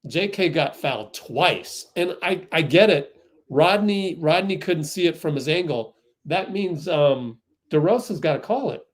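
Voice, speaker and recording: Excitable man calling a game live. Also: fairly high pitch, measured pace. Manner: excitable, outraged at the refs. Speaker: fan livestream host. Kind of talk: live play-by-play commentary.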